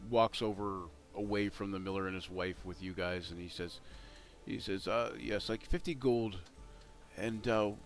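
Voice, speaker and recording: Halting man running a tabletop game. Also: on the low side. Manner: halting, many restarts and fillers. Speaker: game master.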